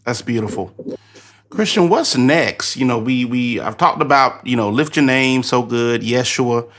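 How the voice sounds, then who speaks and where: A man's voice: medium pitch, lively intonation, measured pace, a bit bright. Guy hosting a podcast, keeps it short, affirming and asking questions. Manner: brief, affirming interjections and questions. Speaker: podcast host. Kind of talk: interview questions.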